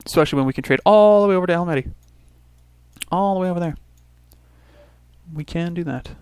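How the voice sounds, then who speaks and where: A Canadian man hosting a let's play casually thinks aloud through his turns, restarting sentences and tossing in little asides. His high voice is smooth, a little mellow, and fairly quick, with no room sound.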